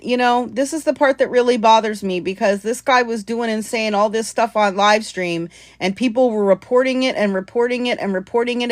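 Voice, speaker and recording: A woman's voice: medium pitch, dry recording, studio quality. A woman hosting a live stream, talking earnestly and conversationally and thanking her viewers. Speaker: livestream host.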